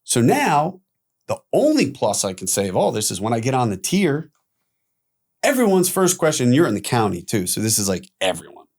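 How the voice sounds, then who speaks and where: A man guest on a podcast telling his own story candidly, animated, acting out quoted voices and swearing casually. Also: medium pitch, moderate pace.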